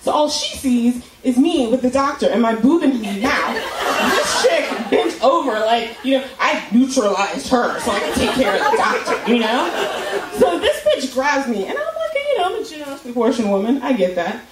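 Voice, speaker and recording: A woman's voice: fairly high pitch, expressive, normal speed, recorded from a distance. A woman telling a crude, profane story in a stand-up comedy set, acting out the quotes. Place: comedy club stage. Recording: echoey club recorded from afar, loud noise. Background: audience laughter.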